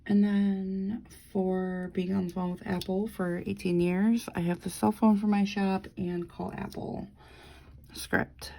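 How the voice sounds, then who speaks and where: A woman's voice: mid-range voice, little pitch movement, slow, gravelly, dark tone, low-quality recording. A woman vlogger chatting casually as she decorates her planner, rambling through a story with lots of fillers and the odd swear.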